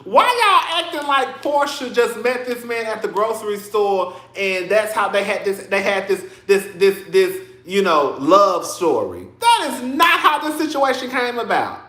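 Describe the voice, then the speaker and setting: A man's voice: high voice, big pitch swings, measured pace, few pauses, pushed and bright, echoey room. A man casually commenting on a reality show, sassy and dramatic, laughing often and calling his listeners girl.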